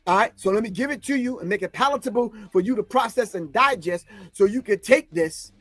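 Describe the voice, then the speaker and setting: Man, high voice, fiery lecturer who scolds the listener and drives each point home by repeating it. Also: animated, a little fast, hardly any pauses, a bit bright, no room sound, soft background music. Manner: emphatic, repeats "all right?" and lines for emphasis; scolding, confrontational. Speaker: commentator. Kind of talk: impassioned spoken lecture.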